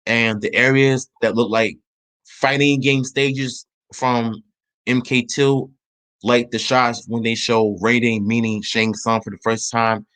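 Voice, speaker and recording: A man hosting his own channel, chatting casually about a movie trailer in a rambling way, restarting his sentences and speeding up when excited. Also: medium pitch. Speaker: channel host. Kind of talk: casual trailer review chat.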